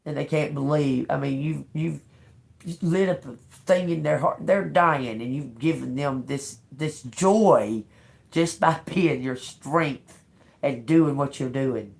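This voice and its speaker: Gravelly woman reading tarot. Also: low-pitched, slow, a little mellow. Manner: emotional, blunt, swears freely. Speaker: tarot reader. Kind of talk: live-streamed tarot reading.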